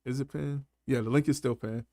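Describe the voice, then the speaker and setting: A man's voice: mid-range voice, fairly even intonation, fairly quick, warm tone, no room sound, clean studio sound. A man hosting a casual live panel chat, laughing often and talking in loose, slangy banter. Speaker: panel host.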